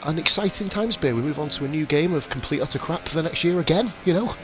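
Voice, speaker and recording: A man's voice: fairly high pitch, fast, over music. A chatty man hosting esports race commentary, nursing a nagging cough and swearing freely. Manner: chatty, swearing, self-mocking. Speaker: race commentator and stream host. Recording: racing game engines behind.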